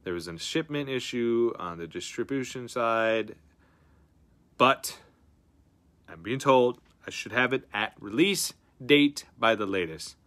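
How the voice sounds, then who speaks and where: Male stream host, excitable and slangy, bright forward tone, swings loud to hushed. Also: fairly low pitch. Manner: excitable, swings from loud outbursts to breathy mutters; slangy, says dude and bro a lot. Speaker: card-breaking stream host. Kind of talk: casual live-stream chat.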